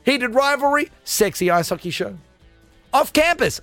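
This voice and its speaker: High-voiced, animated male radio host. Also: moderate pace, no room sound, faint music behind. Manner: animated, ranting, jokey. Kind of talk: comedic radio rant.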